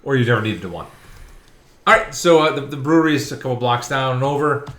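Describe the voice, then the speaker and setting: A man narrating a tabletop game as game master, setting scenes in a relaxed, chuckling way. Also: mid-range voice, quick pace. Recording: echoey room.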